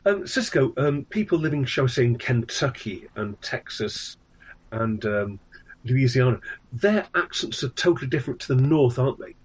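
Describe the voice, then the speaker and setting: A man's voice: mid-range voice, lively intonation, normal speed, husky, muffled recording. An English man, a tour guide and author, chatting politely and eagerly as a guest, often ending with "really". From England. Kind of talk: casual interview chat.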